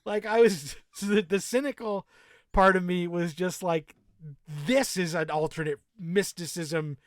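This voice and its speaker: Male podcast co-host, higher-pitched, sarcastic and profane, laughs a lot; dry recording. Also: fairly even intonation, measured pace, no echo. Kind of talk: casual chat.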